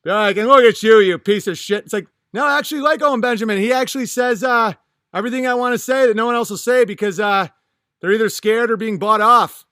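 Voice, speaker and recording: A male comedian on a blunt, profane rant. His voice is high and bright. The recording is dry and close, with no room echo. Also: quick pace.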